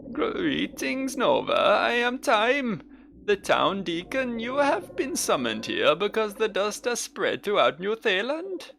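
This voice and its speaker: A man voicing a pompous male deacon figure in a game, with a slow, grandiose mock Caribbean lilt. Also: extremely high pitch, very animated, fairly bright tone, voice pushed up, heavily acted. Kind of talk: game character voice.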